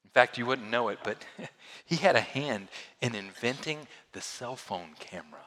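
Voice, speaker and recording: A male pastor delivers a sermon in a bright, forceful voice that swings widely in pitch. He pushes hard on key phrases and then falls to quiet, hushed lines. The sound carries a long reverb, as in a large hall. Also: animated, moderate pace. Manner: dynamic preaching, swinging from loud emphasis to hushed lows.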